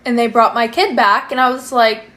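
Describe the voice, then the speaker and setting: High-voiced sassy young woman. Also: fairly even intonation, sharp tone. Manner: sassy, swears freely, drawn-out punchlines. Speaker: storyteller. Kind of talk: casual storytime.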